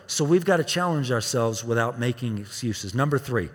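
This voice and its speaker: A man's voice: medium pitch, expressive, moderate pace, breathy edge. A man in his fifties preaching a sermon, asking the congregation questions and acting out quoted pleas. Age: 50s. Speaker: pastor. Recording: long hall reverb.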